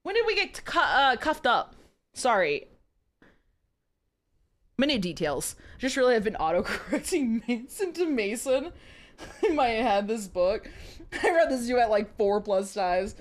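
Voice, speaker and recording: A woman's voice: on the high side, big pitch swings, a little slow, pauses often. A young woman streaming live, reading a romance novel aloud to her chat with giggly, chatty asides.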